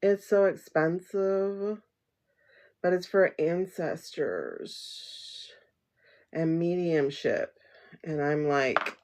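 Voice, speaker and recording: Slow, gravelly woman chatting on a livestream. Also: low-pitched, darkish tone, slight background noise. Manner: rambling, chatty, laughs often. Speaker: livestream tarot reader. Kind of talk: casual livestream chat. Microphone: phone livestream.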